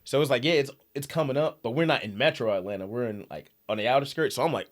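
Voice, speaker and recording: A man's voice: mid-range voice, quick pace. A young man from New York City, co-hosting a comedy podcast, telling profane stories with lots of laughter. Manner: animated, laughing, profane storytelling. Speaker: podcast co-host. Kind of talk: casual chat, storytelling.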